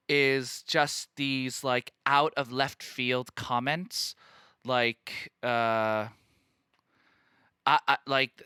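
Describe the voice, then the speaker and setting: Animated, campy man hosting a podcast. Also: medium pitch, clean tone, dry recording, studio quality. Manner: animated and campy, laughs often. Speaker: podcast host. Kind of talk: casual chat.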